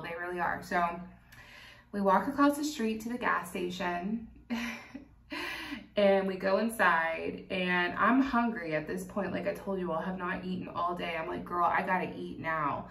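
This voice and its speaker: Young woman, Kentucky, casual storytime vlog, animated and candid, echoey room, mic set back. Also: lowish voice, vocal fry, far from the mic. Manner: animated, candid, laughs often, swears freely. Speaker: vlogger. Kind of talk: casual storytime while doing makeup.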